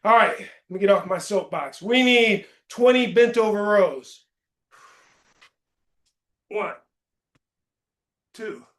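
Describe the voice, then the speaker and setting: High-voiced male coach counting reps slowly. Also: a bit bright. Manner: slow, deliberate counting while exercising, with brief chatty asides. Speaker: fitness coach. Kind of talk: live workout, counting reps aloud. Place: indoor gym studio. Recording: echoey gym room.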